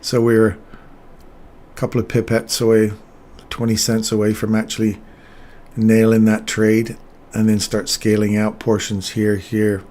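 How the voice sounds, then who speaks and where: A man's voice: fairly low pitch, completely flat delivery, a little slow, long pauses, a little mellow. A man in his fifties who grew up in England and Canada, casually talking through chart moves and answering chat as host of a live trading stream. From England, raised in Canada. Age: 50s.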